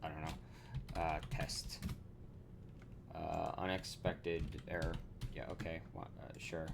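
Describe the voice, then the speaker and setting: A man's voice: rumbling low, flat delivery, takes it slowly, gravelly, background noise. A man thinking aloud as he codes on a live stream, full of fillers and self-corrections, swearing casually and laughing at himself.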